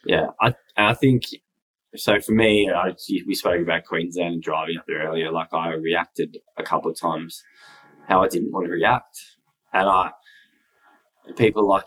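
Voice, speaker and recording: A man's voice: sits low, normal speed, a bit bright, poor audio. A man, a father co-hosting a podcast, talking in an earnest, reflective way. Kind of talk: casual podcast chat.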